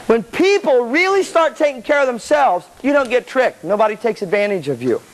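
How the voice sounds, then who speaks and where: A man's voice: extremely high pitch, sing-song, fairly quick, a faint crowd, low-quality recording. A man giving a live motivational seminar to student band members, playful and blunt, acting out people's inner voices and now and then swearing. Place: hall with a student audience. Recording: 1985 live cassette tape with faint audience and hiss.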